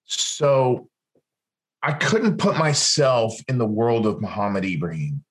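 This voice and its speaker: A man's voice: medium pitch, slow. A man, a former interrogator telling a story in an interview, acting out what other people said. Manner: animated, acts out other people's lines. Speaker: guest, former military interrogator.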